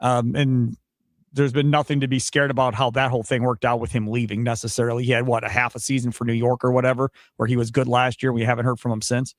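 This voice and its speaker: A man with a Wisconsin accent hosting a sports radio show, arguing his points in an animated way. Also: medium pitch, fast talker, dry recording, studio quality. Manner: animated, argumentative, mocks others' panic in quotes. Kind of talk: sports talk radio commentary. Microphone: studio microphone.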